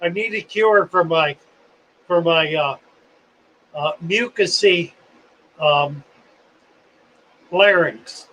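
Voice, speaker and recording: A man's voice: a little high, slow pace, pauses often, sharp tone, low-quality recording. A man in his seventies hosting a livestream in a casual, folksy, rambling way, phlegmy and coughing now and then. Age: 70s. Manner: folksy, rambling, self-deprecating. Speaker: host.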